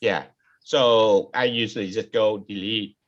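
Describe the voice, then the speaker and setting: A man in a club video call who speaks hesitantly, with many pauses and uh's. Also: lowish voice, steady tone, fairly bright tone. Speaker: club member. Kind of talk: casual Zoom meeting chat. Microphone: computer mic on a video call. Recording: dull lo-fi video call audio.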